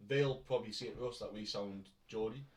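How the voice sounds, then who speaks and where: This podcast co-host speaks with a North East English accent that falls between Newcastle and Durham, and his lowish voice moves a little fast. He's relaxed and chatty, joking and laughing often. The recording comes from a shared mic placed away from him in an echoey home room.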